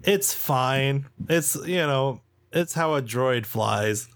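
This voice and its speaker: A man narrating a tabletop role-playing game as game master in a relaxed, amused way. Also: medium pitch, slow.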